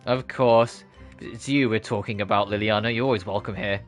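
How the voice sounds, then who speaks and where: A streamer doing a deadpan, blunt young heroine. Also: mid-range voice, normal speed, soft background music, pitched below the performer's own voice, close to an everyday voice. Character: cool, blunt young woman narrator.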